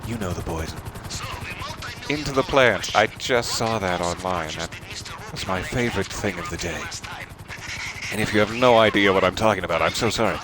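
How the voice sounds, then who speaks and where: A man's voice: low voice, normal speed, long pauses. A man giving casual, playful gameplay commentary as a game streamer, chatting and joking. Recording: game gunfire noise behind.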